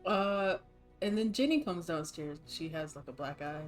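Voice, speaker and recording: A woman's voice: sits low, normal speed, soft background music. A woman narrating a tabletop game as game master, playful and often laughing.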